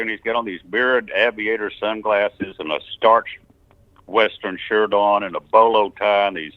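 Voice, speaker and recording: A mid-range voice with no room sound belongs to an older Texas musician recounting his life story over a tinny phone-line interview. He's casual and rambling, full of chuckles and restarts.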